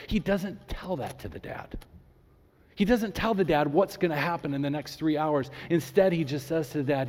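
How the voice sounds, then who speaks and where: A man preaching a sermon as a pastor, animated when he acts out his stories and slowing right down for emphasis. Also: a little high. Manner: animated storytelling, acts out the people in his story; slows down and drops to near whisper for emphasis. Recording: long hall reverb.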